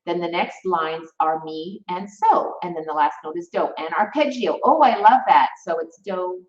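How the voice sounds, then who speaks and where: A woman's voice: on the low side, moderate pace. A woman teaching music theory in a live stream, chatty and encouraging, reading out viewers' comments as she goes. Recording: roomy, distant, slightly dull mic.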